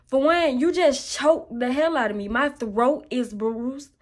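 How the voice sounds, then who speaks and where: A woman's voice: sits high, measured pace. Candid young woman telling her story. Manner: candid, raw and emotional. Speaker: vlogger. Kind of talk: personal testimony storytelling.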